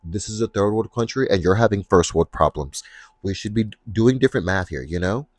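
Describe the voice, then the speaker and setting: A sassy, expressive young man with a deep voice speaks sitting close to the mic in a dead, dry room. He hosts his own podcast and talks casually, ranging between candid reflection and playful attitude. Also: fairly quick, no echo. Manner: sassy, expressive, slips into playful put-on voices when retelling scenes. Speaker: podcast host. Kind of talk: casual solo podcast talk.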